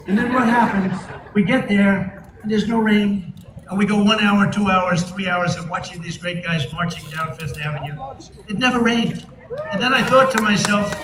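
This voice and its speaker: A man's voice: high voice, normal speed. A man giving a rambling rally speech to a live audience, boastful and digressive, with mocking asides. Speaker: political speaker addressing an audience. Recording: distant, echoey live feed with noise.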